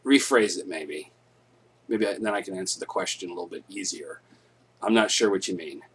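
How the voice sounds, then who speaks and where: A young man hosting a live stream, telling stories casually, laid-back, swearing a lot and getting loud when he acts things out. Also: low voice, expressive, fairly quick, slight background noise.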